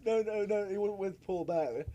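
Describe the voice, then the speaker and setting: A man's voice: sits high, normal speed, dark tone, dull audio. A man co-hosting a wrestling podcast, laughing often and repeating himself as he talks. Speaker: podcast co-host. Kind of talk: casual wrestling chat.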